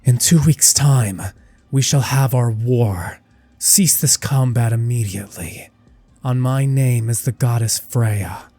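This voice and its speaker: A man's voice: medium pitch, slow pace, dark tone, no room sound, faint music behind. A man voicing a proud goddess who declares her orders in formal, declaiming speech. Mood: imperious. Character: proud goddess, commanding yet secretly afraid.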